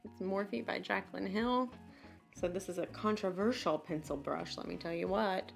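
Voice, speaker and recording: A woman's voice: medium pitch, moderate pace, vocal fry, faint music behind. Chatty woman in her late twenties. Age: late 20s. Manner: chatty, bubbly, self-deprecating asides. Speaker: beauty vlogger. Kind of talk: casual makeup tutorial chat.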